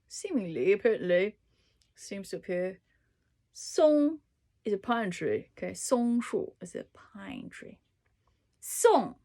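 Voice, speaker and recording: A woman casually reading dictionary entries aloud to herself, trying out Chinese words with small asides and occasional whispers. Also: lowish voice. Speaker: language learner reading a dictionary.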